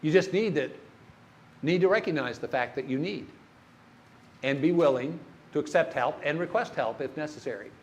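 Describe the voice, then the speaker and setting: A man's voice: fairly high pitch, normal speed, long pauses, a little hiss or hum. An older man giving a church workshop talk on grief, folksy and storytelling, asking the audience questions.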